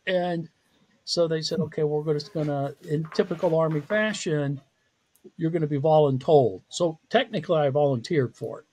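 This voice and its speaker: On a podcast, a man who teaches psychology tells his career story, open and quick to laugh at himself. His voice is on the high side and a bit mellow, with a moderate pace.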